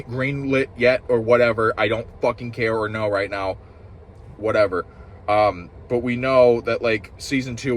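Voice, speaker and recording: A man's voice: on the low side, a little hiss or hum. Frustrated, swearing man ranting. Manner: frustrated, swearing, rambling with restarts. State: upset and agitated. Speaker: show reviewer. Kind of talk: ranting casual review.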